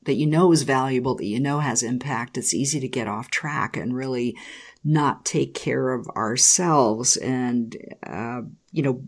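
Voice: medium pitch, unhurried. Podcast host asking thoughtful questions, affirming, some restarts. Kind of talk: conversational interview.

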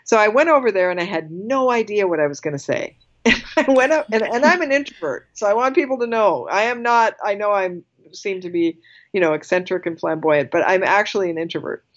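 This woman, appearing as a guest, tells a personal anecdote in a relaxed conversation, laughing easily, staying animated, and frequently starting sentences over. Her voice is mid-range, and the high frequencies are cut off.

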